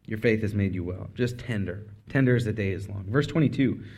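A man preaching a casual, conversational sermon, full of asides and quick self-corrections. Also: fairly low pitch, mellow. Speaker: speaker.

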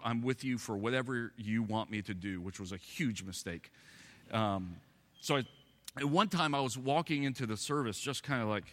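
A man preaching a sermon in a relaxed, conversational way, with humorous stories mixed in. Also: medium pitch, big-room sound. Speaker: pastor.

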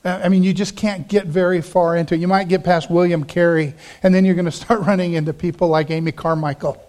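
Middle-aged guy preaching, fairly high voice, tells stories and acts out quotes. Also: quick pace. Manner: storytelling, animated voices for quoted people. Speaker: pastor. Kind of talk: sermon.

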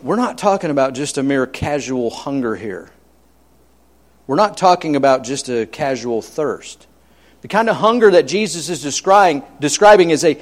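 A man's voice: a little high, expressive, normal speed. A man preaching a sermon as pastor, emphatic and repetitive, telling homely stories with humor.

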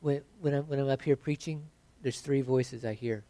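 A pastor preaching a conversational sermon that builds to emphatic points. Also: male voice, medium pitch, steady tone, moderate pace, dark tone, dry recording.

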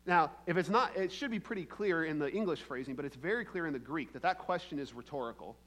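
A pastor with a fairly high, expressive, fast voice and a fairly bright tone delivers a conversational sermon. He checks in with the congregation often and acts out the lines he quotes.

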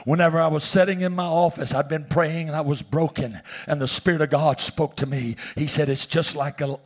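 A man preaching a sermon in church, telling a personal story and swinging from shouts down to hushed whispers. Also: fairly high pitch, vocal fry, breathy edge. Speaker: pastor. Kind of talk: sermon testimony.

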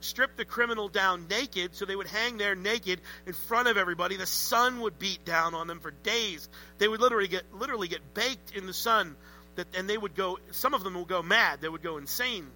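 A man preaching a sermon in a conversational, animated way with joking asides. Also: high voice, a little fast, a little hiss or hum, low-quality recording. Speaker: pastor.

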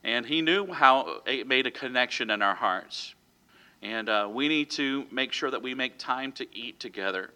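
A man's voice: mid-range voice, expressive, normal speed, pushed and bright. A man preaching a sermon in a conversational way, with frequent fillers and self-corrections. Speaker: pastor.

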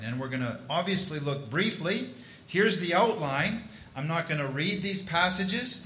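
Guy preaching a sermon, chatty w lots of restarts, bright voice, roomy church sound. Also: on the high side, a little hiss or hum. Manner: conversational preaching with restarts and asides. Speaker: pastor.

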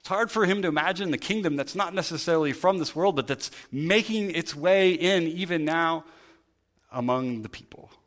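A man's voice: fairly high pitch, moderate pace, a bit bright. A man preaching a sermon in a conversational way, thinking aloud and often restarting his sentences. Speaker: pastor.

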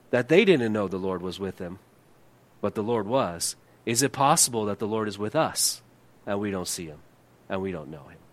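A middle-aged pastor delivers a sermon, asking his congregation rhetorical questions and frequently lowering his voice to a hush to drive points home.

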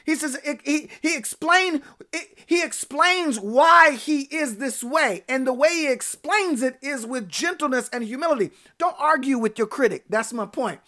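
Woman, preacher, sermon, high voice, fervent, emphatic peaks. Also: fairly bright tone. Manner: fervent preaching that calls out to the congregation by name.

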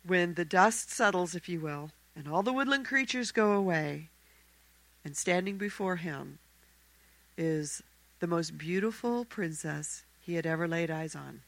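A woman telling a fairy tale aloud in a church service, expressive and acting out the characters. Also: lowish voice, measured pace, no room sound, poor audio. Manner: expressive, acts out the characters' voices. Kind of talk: animated fairy-tale storytelling.

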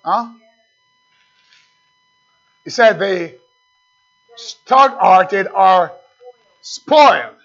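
A man preaching a sermon, emphatic, stretching words slowly to stress the scripture. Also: high-pitched, expressive, a bit bright. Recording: dull lo-fi recording.

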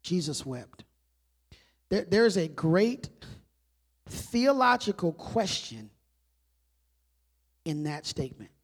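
A man preaching a sermon in a conversational style, asking rhetorical questions and dropping to quiet emphasis on key words. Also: high voice, very animated, slow pace, pauses often. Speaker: pastor.

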